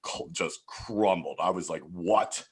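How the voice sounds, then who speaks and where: A man's voice: sits low, moderate pace. A man in his forties from Philadelphia, telling stories as a podcast guest in a loose, profane way full of fillers. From Philadelphia, USA. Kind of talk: casual storytelling chat.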